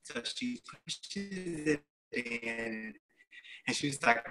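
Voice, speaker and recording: A man hosting a motivational show, telling a personal story in a chatty, laughing, animated way. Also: high voice, slow, creaky, a little hiss or hum, low-quality recording. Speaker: host.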